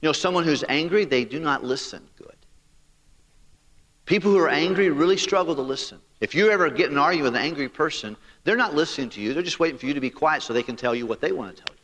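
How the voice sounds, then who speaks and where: Male pastor, fervent sermon delivery with direct appeals; voice on the high side, long echo of a hall. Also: fairly bright tone. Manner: preaching with rising emphasis and direct appeals.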